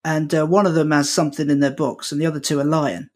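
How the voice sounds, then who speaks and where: Animated man telling a comic story. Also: on the high side, fast. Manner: animated, quotes people in voices; swears freely. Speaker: comedian guest.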